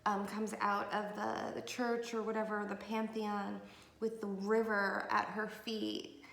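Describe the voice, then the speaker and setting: A woman's voice: mid-range voice, flat delivery, a little slow, gravelly, fairly bright tone, reverberant. A woman doing a late-night tarot reading, talking in a meandering, emotional way to her viewers. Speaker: tarot reader. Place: room at night.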